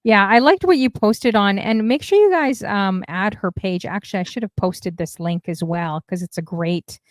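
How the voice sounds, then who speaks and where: A woman hosting a casual livestream talk show, chatty and friendly with her chat, giving shout-outs as she goes. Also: mid-range voice, normal speed, no room sound. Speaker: stream talk show host.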